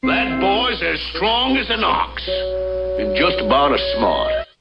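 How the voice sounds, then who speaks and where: A man's voice: sits high, big pitch swings, takes it slowly, gravelly, breathy edge, no room sound, exaggerated voice. A man voicing a boastful grown male cartoon character with a drawling, sing-song delivery, heard as a played clip. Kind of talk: cartoon voice acting. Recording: dull lo-fi clip, far off, loud music.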